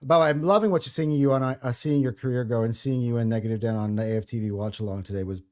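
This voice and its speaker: A man's voice: medium pitch, fast, darkish tone. A man hosting a football podcast, chatting in a friendly, enthusiastic way that is full of restarts. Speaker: podcast host. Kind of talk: casual football podcast chat.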